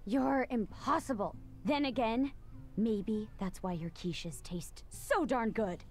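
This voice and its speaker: A woman's voice: a little high, slow pace, darkish tone. A woman voicing a bubbly, sweet teenage village girl in a video game, gushing and playfully teasing. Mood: cheerful. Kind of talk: game voice acting.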